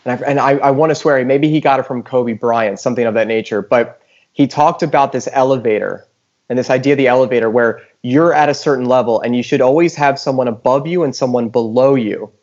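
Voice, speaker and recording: A man co-hosts a podcast and asks long, winding questions in relaxed chat. His voice has a middle pitch. The recording sounds dull and lo-fi. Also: fairly quick. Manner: rambling, restarts his questions. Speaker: podcast co-host. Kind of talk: casual chat, asking questions. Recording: dull lo-fi audio.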